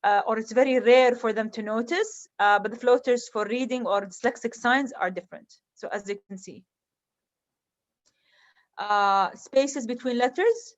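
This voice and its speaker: A woman who is an eye doctor, lecturing in English with an Arabic accent, halting and earnest with many ums. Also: on the high side, lo-fi sound.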